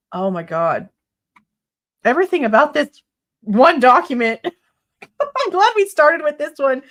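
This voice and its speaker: A woman's voice: on the high side, a bit bright. A woman hosting a live true crime stream, reading court documents aloud and ranting in exasperation, swearing freely. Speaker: true crime livestream host.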